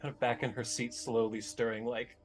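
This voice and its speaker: A man's voice: mid-range voice, flat delivery, a little fast, soft background music. A man narrating as game master for a tabletop game, rambling with many restarts. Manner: rambling, filler-heavy narration.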